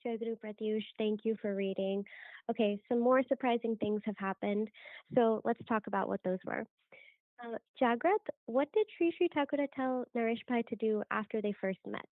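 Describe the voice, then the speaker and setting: A woman's voice: on the high side, moderate pace, no room sound. Woman leading a group study over a call. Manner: encouraging, asks questions by name. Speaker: leader of a weekly group study. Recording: dry phone-like call audio.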